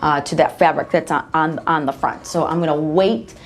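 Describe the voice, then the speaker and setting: Speaking at normal speed with a low voice and fairly even intonation, a woman hosts a live embroidery stream. As she works at a machine, she keeps up a casual, upbeat, chatty demo conversation with her viewers.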